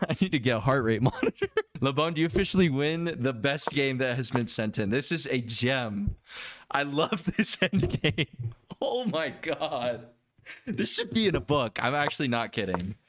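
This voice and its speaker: A man streaming a chess game review, excitable and quick to exclaim and laugh as he talks to his viewers. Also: medium pitch, dry recording, clean studio sound.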